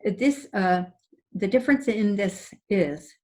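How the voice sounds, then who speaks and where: An older woman, a guest psychic on an interview show, telling personal stories in an expressive way and often laughing. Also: mid-range voice, takes it slowly. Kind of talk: animated storytelling in conversation.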